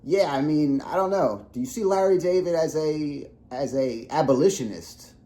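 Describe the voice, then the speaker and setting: A man's voice: on the high side, moderate pace, warm tone. A young man co-hosting a podcast, rambling in casual chat with heavy swearing and lots of fillers. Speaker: podcast co-host.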